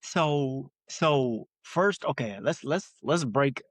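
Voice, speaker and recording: A young man co-hosting a casual podcast chats loosely, using slang and laughing often. His mid-range voice is animated, and he takes his time. The recording has no room sound.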